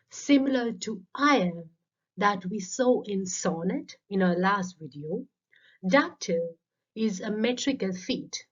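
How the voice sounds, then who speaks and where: A woman's voice: medium pitch, breathy edge. A woman giving a methodical lecture on literature, explaining terms step by step as a voice-over. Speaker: literature teacher. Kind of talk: scripted lecture narration. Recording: dull lo-fi voice-over.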